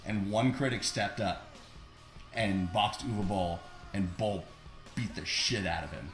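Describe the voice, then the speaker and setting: Laid-back man with a low voice, roomy sound. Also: soft background music. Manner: laid-back, laughs often, halting restarts. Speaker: podcast co-host. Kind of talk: casual chat. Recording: roomy echo.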